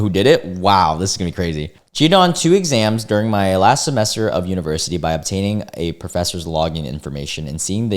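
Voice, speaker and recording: Animated low-voiced male reaction host. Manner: animated, swears freely, exclaims in disbelief. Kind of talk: casual commentary reading forum posts.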